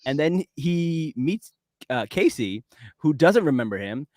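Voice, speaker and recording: An enthusiastic man rambles through a casual podcast chat, often breaking into laughter. His pitch swings widely as he talks, and the recording is dry, with no room sound. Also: very animated, a little slow, darkish tone, no room sound. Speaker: podcast co-host.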